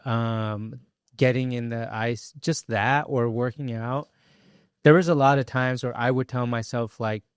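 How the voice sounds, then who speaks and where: Thoughtful male podcast host, smooth voice. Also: mid-range voice, dry recording, clean studio sound. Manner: thoughtful, measured, with "um" pauses. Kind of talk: interview conversation.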